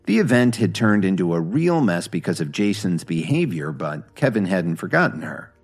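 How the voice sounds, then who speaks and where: A man reading a story aloud in scripted narration, steady and even. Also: deep voice, moderate pace, few pauses, slightly rough, soft background music.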